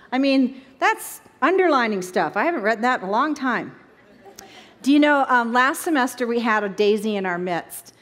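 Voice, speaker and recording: A woman preaching and teaching scripture in an animated way. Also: on the high side. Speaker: Bible study teacher. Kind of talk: sermon. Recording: echoey hall.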